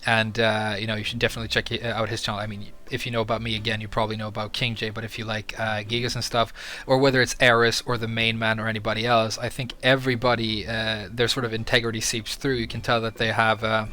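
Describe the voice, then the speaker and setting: A young adult man talking casually about the gaming community, rambling with many filler pauses. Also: on the low side, little pitch movement, pushed and bright. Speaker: Tekken YouTuber. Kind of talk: casual monologue.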